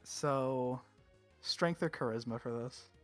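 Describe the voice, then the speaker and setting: A man's voice: mid-range voice, slow pace, no room sound, faint music behind. A man playing a tabletop game, talking in a nervous, self-deprecating way. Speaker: player. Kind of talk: casual chat.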